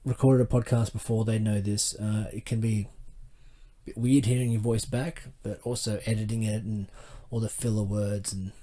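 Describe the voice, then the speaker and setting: A man with an Australian accent hosts a casual podcast interview, speaking at normal speed in a lowish, warm voice with a flat delivery. He's chatty and upbeat, full of fillers and restarts.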